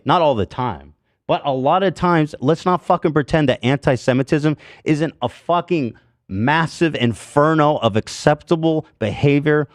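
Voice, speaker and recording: Clean, dry studio audio captures a man of medium pitch hosting a podcast. His rant is angry and profane, every line pushed with strong emphasis.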